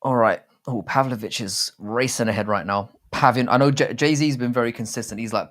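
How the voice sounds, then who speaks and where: A man with a medium-pitched, slightly bright voice talks fairly quickly while hosting a casual live stream about fight betting. His chat is rambling, jokey and crude, full of restarts.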